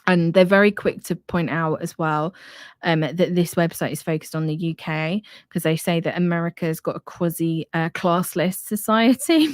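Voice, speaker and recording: A young woman with a strong Estuary English accent, her voice sitting low for a woman. She talks in a frank, chatty way and swears casually. The sound is close and dry, with no room around it. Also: moderate pace, no room sound. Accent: Estuary English, London area. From England, near London. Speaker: podcast host. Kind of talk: casual live-stream discussion.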